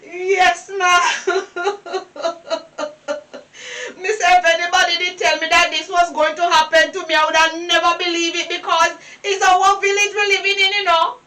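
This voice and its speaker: A distraught older Jamaican woman wails and sobs through her complaints after a robbery, played by a woman. Her voice is very high and bright, close to shrill. It is recorded from across a roomy, echoing space. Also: little pitch movement, a little slow, heavily acted. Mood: wailing. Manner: wailing, sobbing complaints. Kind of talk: low-budget drama acting. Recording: roomy, distant mic.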